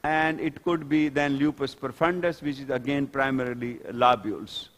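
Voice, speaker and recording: A man's voice: medium pitch, steady tone, a bit bright. Man lecturing in an echoing conference hall. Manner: halting, explanatory, many fillers and restarts. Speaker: dermatopathology lecturer.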